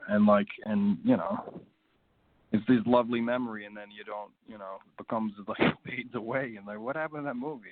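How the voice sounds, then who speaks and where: A man's voice: fairly low pitch, no echo. A male actor being interviewed on the radio, talking in a loose, rambling way full of fillers. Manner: rambling, many fillers and restarts. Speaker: actor guest. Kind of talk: casual interview chat. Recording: tinny phone line, dry.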